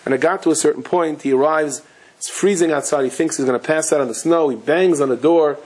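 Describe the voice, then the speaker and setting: A man with a slightly high voice gives a Torah lecture as a rabbi. He tells stories in a lively, animated way and mixes Yiddish and Hebrew terms into his English. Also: brisk, breathy edge, poor audio.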